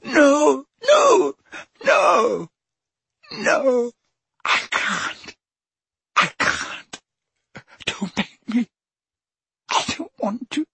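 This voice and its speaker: A man reading aloud, voicing a very old, wise male wizard who speaks with firm, gentle authority and later pleads in terror. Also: on the high side, big pitch swings, slow pace, husky, pitched above the performer's own voice, full character voice. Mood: terrified. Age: older.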